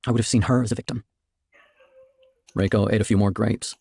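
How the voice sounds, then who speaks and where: Fast gravelly man reading aloud. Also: on the low side, steady tone, a little mellow, no echo. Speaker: streamer reading a novel. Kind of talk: casual reading aloud of a novel.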